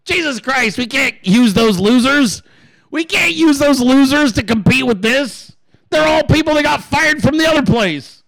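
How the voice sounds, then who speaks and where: Guy doing a yelling billionaire, high and loud, super bossy. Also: wildly swooping pitch, moderate pace, no room sound, heavily acted, poor audio. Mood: frantic. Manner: yelling, profane, demanding. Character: furious billionaire man, impatient and bossy.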